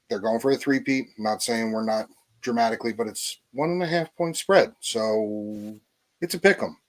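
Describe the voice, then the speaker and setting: A man co-hosting a casual sports podcast, eager and nervously excited, talking in long runs. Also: medium pitch, low-quality recording. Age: adult. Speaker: podcast co-host.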